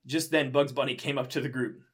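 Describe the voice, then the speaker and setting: A man's voice: mid-range voice, steady tone, brisk, fairly bright tone, husky. A young man reading fan fiction aloud in a casual, amused way, with incredulous asides between the lines. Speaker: reader.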